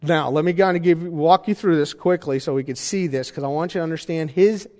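Guy pastor w a high voice, teaching sermon, lots of questions to the room, big echoey hall. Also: a little fast, a little mellow. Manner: teaching, asks the congregation questions, emphatic. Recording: long hall reverb.

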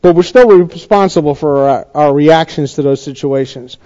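Middle-aged guy giving a chatty sermon, kinda high voice, muffled lo-fi sound, lots of restarts. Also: mellow. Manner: conversational, halting, with dry sarcasm. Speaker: preacher. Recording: dull lo-fi recording.

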